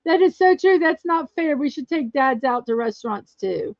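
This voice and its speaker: A chatty woman hosts a casual live show, trading stories with viewers and laughing often. Her voice sits a little high. The sound is dull and lo-fi, with a dry, close feel. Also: animated, moderate pace, dry recording. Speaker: livestream show host. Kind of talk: casual chat reading viewer comments.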